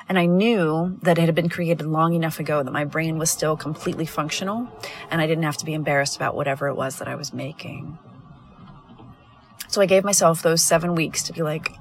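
A woman podcast host and coach talking candidly and earnestly in a reflective monologue, recorded in a parked car by the roadside. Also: sits low. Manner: candid, earnest, halting with restarts.

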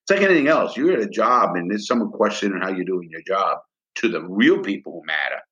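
A man's voice: deep voice, lively intonation, brisk, fairly bright tone, muffled recording. A middle-aged man, a former prisoner, telling a heated story of his time inside in blunt, profane words. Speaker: interview guest, former prisoner. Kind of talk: emotional storytelling interview.

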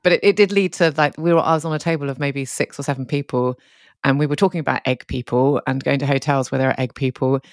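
A woman co-hosting a podcast, telling stories in a chatty, animated way. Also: extremely low pitch, quick pace, no room sound, studio quality. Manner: chatty, animated storytelling with quoted voices. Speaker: podcast co-host. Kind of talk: casual chat.

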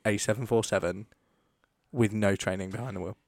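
Guy cohosting a podcast, lowish voice, dry close sound, chatty storyteller. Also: fairly even intonation, fairly quick, creaky, a little mellow, no room sound. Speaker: podcast co-host. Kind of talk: casual chat.

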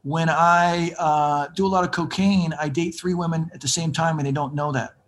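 A man's voice: a little high, fairly even intonation, moderate pace. A man in his fifties telling his recovery story as an interview guest, acting out the voices of people he quotes.

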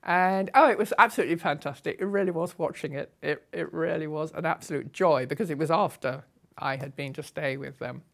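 An older woman from Britain recounting travel memories in a lively, humorous way. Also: low voice, brisk. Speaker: storyteller. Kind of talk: recounting a memoir.

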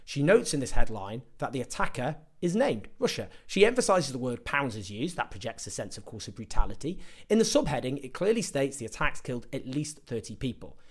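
A man's voice: medium pitch, sing-song, a little fast. A man giving an impassioned political commentary, sarcastic and emphatic as he builds his points.

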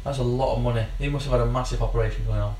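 A man's voice: mid-range voice, fairly even intonation, very fast, a little mellow, reverberant, recorded from a distance, slight background noise. A man bantering as a podcast co-host, teasing his friend. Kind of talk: casual banter.

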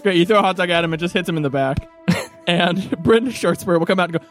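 A man narrating a tabletop game as game master, animated and playful, often laughing. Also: high-pitched, fast, faint music behind.

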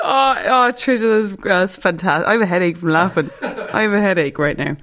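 An Irish woman hosting a podcast interview, expressive and often laughing. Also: medium pitch, a little fast, lo-fi sound. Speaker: podcast host. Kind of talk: casual interview.

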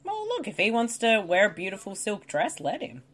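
A woman's voice: mid-range voice, normal speed. A woman co-hosting a casual movie commentary with wry, blunt remarks. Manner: wry, swearing, animated. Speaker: podcast co-host.

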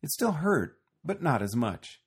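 A man reading a children's storybook aloud in a slow, gentle way. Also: a little high, big pitch swings, breathy edge. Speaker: narrator.

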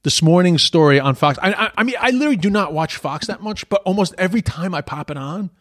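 Guy ranting on his podcast, swears a lot, kinda high voice, really dry sound. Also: fast, no room sound. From Ireland. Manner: sweary, animated, incredulous storyteller. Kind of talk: casual storytelling monologue.

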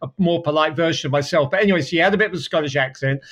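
A man's voice: a little high, very fast, fairly bright tone. A man hosting a casual interview over a video call, enthusiastic, repeating words as he restarts. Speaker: podcast host.

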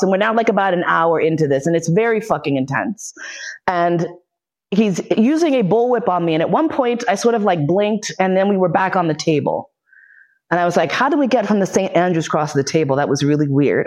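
A podcast host recounts a personal story with blunt, profane candor, stumbling through fillers and restarts. They act out other people's lines as they go, in a mid-pitched voice that sits neither high nor low. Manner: blunt, profane, with frequent fillers and self-interruptions; vivid re-enactment of other people's speech. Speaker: podcast host giving a lecture.

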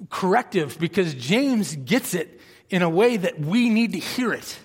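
Male preacher, high-pitched voice, fired-up and emphatic, long hall echo. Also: lively intonation, a little slow, breathy edge. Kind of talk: sermon.

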